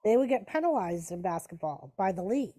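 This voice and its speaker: Hosting a casual watch party on a live stream, this woman chats with viewers, calls the action and talks to her pets. Her mid-range, mellow voice swings widely in pitch and moves a little fast.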